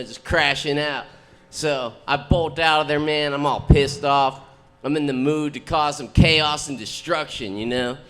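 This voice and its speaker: A brash young-sounding man working a comedy club stage, delivering profane, rambling stories. His voice sits a bit high and comes across bright and forceful. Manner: profane, brash storytelling with crude punchlines. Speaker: stand-up comedian. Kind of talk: stand-up set.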